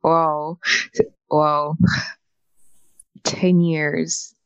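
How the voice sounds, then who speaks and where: A woman interviewing a guest about faith, gentle and hesitant, often restarting her questions. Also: low-pitched, level tone, extremely slow, clear, resonant tone, no room sound. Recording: dry, dull lo-fi sound.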